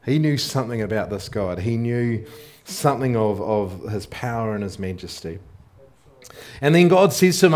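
A man's voice: mid-range voice, animated, moderate pace, a little mellow. A man preaching a sermon in a casual, conversational way, often asking the congregation questions and thinking aloud with fillers and restarts.

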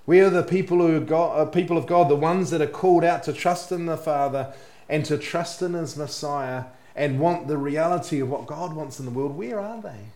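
A man delivers a sermon with earnest conviction, his voice sitting slightly higher than most men's. He lets the ends of his phrases sink low and quiet. The sound is roomy, with a clear echo around him. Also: moderate pace. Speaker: pastor.

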